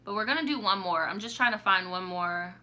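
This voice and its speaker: Chatty young woman with a bright voice. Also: mid-range voice, a little fast. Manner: casual, chatty, reacts aloud with slang and laughter. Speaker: storytime YouTuber. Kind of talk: live stream reading viewer stories.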